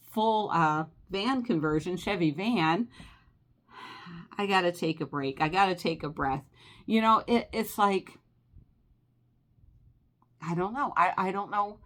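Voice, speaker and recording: An American woman ranting in a casual vlog, exasperated and emphatic, often restarting her sentences. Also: mid-range voice. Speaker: travel vlogger.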